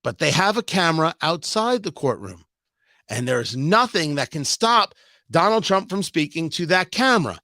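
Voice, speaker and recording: A male radio host with a high, bright voice that leaps around as he comments live on breaking news. He talks in an animated, joking way, close on a dry studio mic. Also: dry recording. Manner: animated, joking, quick asides. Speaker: radio talk show host.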